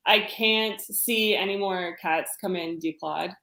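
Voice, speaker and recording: A woman's voice: lowish voice, slow, gravelly, pushed and bright, reverberant, low-quality recording. A woman guest in a casual live interview, speaking earnestly and decisively. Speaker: guest, petition organizer.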